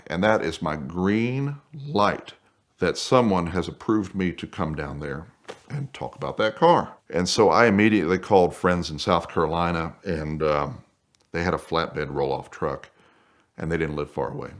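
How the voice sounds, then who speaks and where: A man telling a casual anecdote in a lively way. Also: deep voice, normal speed. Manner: animated, acts out voices in quotes. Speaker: guest storyteller.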